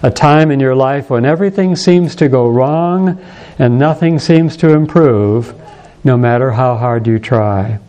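Man, pastor, sermon with scripture reading, measured delivery, unhurried, mellow voice. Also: medium pitch.

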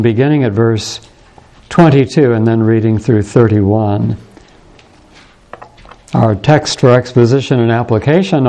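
A male pastor preaching a sermon and reading scripture aloud in a measured, deliberate way. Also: mid-range voice, warm tone.

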